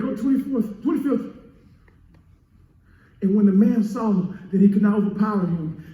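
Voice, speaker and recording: A man preaching a sermon as pastor, building up to shouts and calling for answers from the congregation. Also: high-pitched, phone-quality sound, a little hiss or hum. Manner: preaching with rising shouts and call-and-response. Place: church sanctuary. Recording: echoey church, mic heard from a distance.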